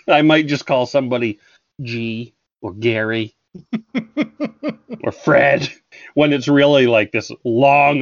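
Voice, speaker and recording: A man's voice: medium pitch, no echo. Joking man on a dull dry mic. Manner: jokey, chatty, reads aloud with stumbles. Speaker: podcast co-host. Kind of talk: casual podcast chat.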